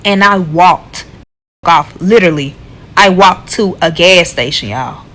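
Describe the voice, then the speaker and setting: A woman telling a casual storytime, blunt and profane, animated as she retells what happened. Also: fairly low pitch, measured pace, low-quality recording.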